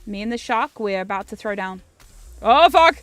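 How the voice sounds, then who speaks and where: A woman giving casual game commentary as a streamer. She gets excitable, swears often and jumps into squeals. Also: medium pitch, fairly quick. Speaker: VTuber streamer.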